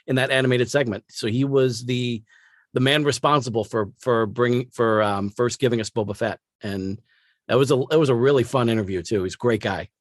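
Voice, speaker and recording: A man chatting casually on a podcast panel, enthusiastic and halting as he tells a story. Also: medium pitch, steady tone, dry recording, studio quality. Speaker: podcast host and guest panelist. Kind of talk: casual group chat.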